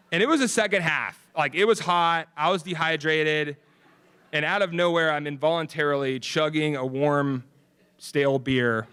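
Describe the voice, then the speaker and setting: A man's voice: fairly high pitch, steady tone, unhurried, pushed and bright, clean tone. A young man giving an earnest acceptance speech at an alumni ceremony, telling stories with easy chuckles and casual fillers. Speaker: alumni award speaker. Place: ceremony venue.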